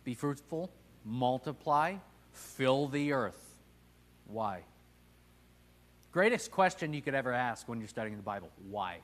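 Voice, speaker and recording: Male Bible class teacher, thirties, casual and conversational, questions the group, average pitch. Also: animated, a little slow, pauses often, a bit bright.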